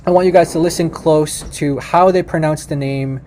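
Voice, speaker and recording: A man with a mellow, slightly raised voice explains a language to his viewers in a relaxed, conversational way. He speaks informally, often restarts his sentences, and talks straight to the listener. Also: a little high, moderate pace, a little hiss or hum. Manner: chatty and informal, addresses "you guys", frequent restarts. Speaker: language teacher.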